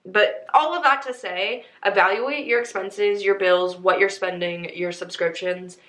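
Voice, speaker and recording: A woman's voice: medium pitch, steady tone, measured pace, a bit bright. Podcast host, woman in her twenties, chatty and upbeat, mid-range voice, echoey room. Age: 20s. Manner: chatty, upbeat, talks straight to listeners. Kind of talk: casual chat.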